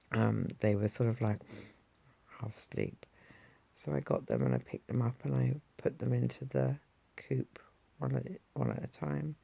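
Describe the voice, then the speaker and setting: A woman tells a casual story to her viewers, rambling and correcting herself as she goes. Her voice carries a strong gravelly fry. She speaks slowly and unhurriedly, with a dark, mellow tone. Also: low-pitched, dry recording. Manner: rambling, with frequent fillers and self-corrections. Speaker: vlogger.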